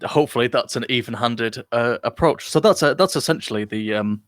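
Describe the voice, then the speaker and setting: During a live online podcast, a British co-host speaks briskly in a mid-range voice, chatting casually and joking along while rambling with frequent fillers and restarts. There's no room sound.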